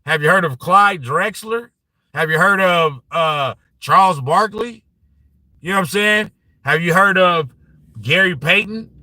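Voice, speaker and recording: Reading the chat on his casual live-streamed basketball talk show, this fairly high-pitched man argues points in an animated, profane style. "You know what I'm saying" comes up often, and there's no echo on the recording.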